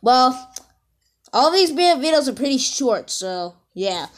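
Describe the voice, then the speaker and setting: A woman rambling excitedly through casual reaction commentary, talking straight to her viewers. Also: high voice, measured pace. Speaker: reaction video host. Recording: music under the voice. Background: video music playing.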